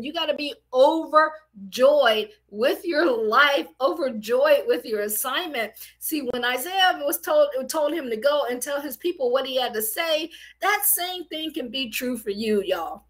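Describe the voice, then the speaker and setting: Woman, high voice, energetic faith coach, casual preachy motivational delivery. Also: measured pace.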